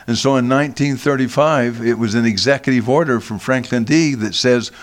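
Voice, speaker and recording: An older man, a guest in a radio studio, telling a long personal story slowly, with frequent restarts and repeated words. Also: mid-range voice. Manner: slow, halting, with many restarts.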